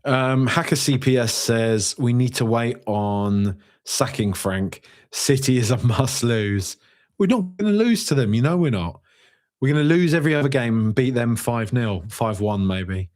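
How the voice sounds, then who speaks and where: A man hosting a fan podcast, reading out viewer comments in a jokey, rambling way with sudden high-pitched outbursts. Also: lively intonation, a little slow, a little mellow. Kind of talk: casual live-stream chat.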